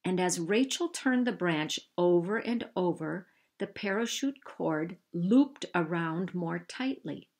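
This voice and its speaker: A woman reading a children's novel aloud, measured and unhurried, lifting her voice for the characters. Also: fairly low pitch, lively intonation, a little mellow. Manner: slow, measured storytelling with raised voices for dialogue. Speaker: reader.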